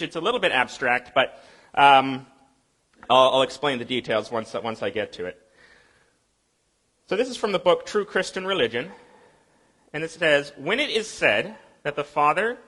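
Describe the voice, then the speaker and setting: Lively, bright-voiced man preaching a sermon. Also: fairly high pitch. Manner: explanatory, conversational preaching with rhetorical questions; reads scripture aloud slowly and solemnly. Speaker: pastor.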